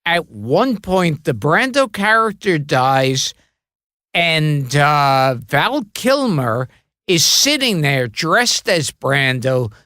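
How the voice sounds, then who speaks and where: A man guest in a casual podcast chat, telling crude stories with a deadpan delivery. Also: a little high, takes it slowly, no room sound, studio quality.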